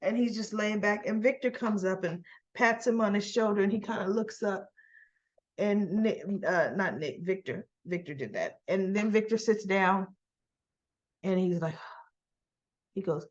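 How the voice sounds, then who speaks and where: A woman's voice: mid-range voice, unhurried, muffled recording. A woman casually retelling a soap opera episode, chatty and quoting the characters as she goes.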